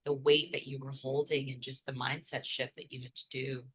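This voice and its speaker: A woman hosting an interview, responding in a warm, affirming way and asking questions with hesitant fillers. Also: rumbling low, flat delivery, fairly quick, a little hiss or hum. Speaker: host, exam coach.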